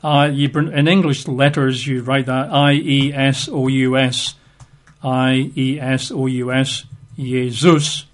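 A man's voice: medium pitch, flat delivery, unhurried. A man giving an informal Bible teaching, chatty and wry, spelling out names letter by letter. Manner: conversational, wry asides, spells out words letter by letter.

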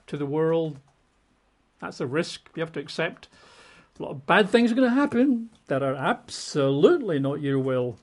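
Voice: medium pitch, darkish tone. Preacher, sermon, emphatic, repetitive lists, conversational asides. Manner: emphatic, piles up repeated synonyms, conversational asides. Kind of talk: sermon, Bible exposition.

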